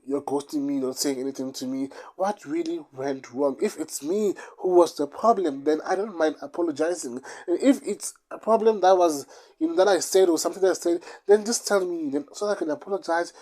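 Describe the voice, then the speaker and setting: Young South African vlogger, casual storytime, rambly and repetitive, mid-pitched voice. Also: dark tone. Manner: rambling, repeats phrases for emphasis. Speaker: YouTuber.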